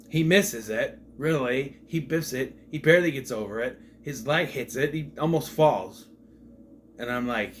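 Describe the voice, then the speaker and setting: A man's voice: medium pitch, a little hiss or hum. A man giving a casual spoken film review, retelling scenes with incredulous rhetorical questions. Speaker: movie reviewer.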